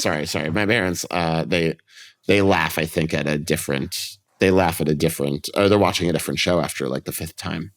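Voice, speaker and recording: A man with a somewhat low voice chats as a podcast guest. He tells stories in a loose, rambling way, often restarting his sentences and briefly acting out what other people said. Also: fairly even intonation, fairly quick, fairly bright tone. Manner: rambling storyteller, restarts, acts out quotes. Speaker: comedian guest. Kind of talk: casual podcast chat.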